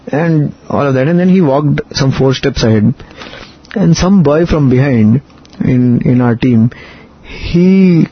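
A man's voice: medium pitch, slow pace, husky, highs cut off. A man, a Telugu speaker, recounting a personal story in an interview and acting out the quoted speech. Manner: animated retelling, acts out quoted speech. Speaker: interview guest.

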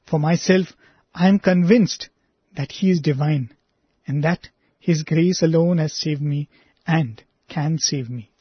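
A man reading a personal testimony aloud in an earnest, measured way, then speaking reflectively to listeners as a presenter. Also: on the high side, slightly rough, no echo. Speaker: devotional radio presenter. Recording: dry, slightly dull lo-fi recording.

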